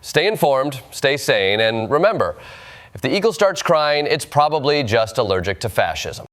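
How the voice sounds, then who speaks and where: A man reads a scripted satirical news rundown in a mid-range voice. His punchlines land dry and sarcastic. He keeps a steady anchor-like delivery. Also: medium pitch, normal speed. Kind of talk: scripted comedic news narration.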